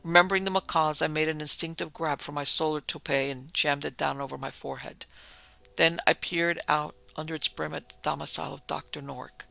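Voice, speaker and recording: A man tells a pulp horror story in the first person, in a dramatic storytelling manner. His voice is very bright and gravelly and sits a little high. Faint music plays beneath. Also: fairly even intonation, fairly quick, no room sound. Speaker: narrator.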